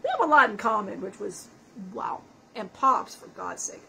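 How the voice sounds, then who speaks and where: A woman's voice: mid-range voice, very animated, normal speed, gravelly, bright, forceful tone, slight background noise, exaggerated voice, low-quality recording. A woman channeling the spirit of a dead man in a session, talking in a profane, self-mocking way and laughing often. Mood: brash joking.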